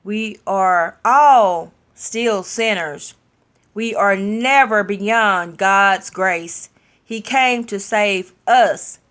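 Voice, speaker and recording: A woman's voice: mid-range voice, a bit bright. Woman giving a candid, emphatic testimony. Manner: slow, drawn-out emphasis, candid and personal. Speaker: testimony speaker. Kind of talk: sermon-like personal testimony.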